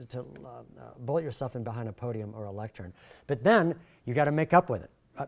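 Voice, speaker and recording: A middle-aged man leading a workshop, talking in a jokey, animated way and swinging his pitch and volume a lot. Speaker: workshop presenter. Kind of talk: lively workshop talk.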